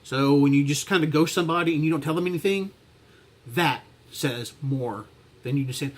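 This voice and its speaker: A man talking to his camera in a reflective personal vlog, halting and heartfelt, with many restarts and fillers. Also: a little high. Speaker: vlogger.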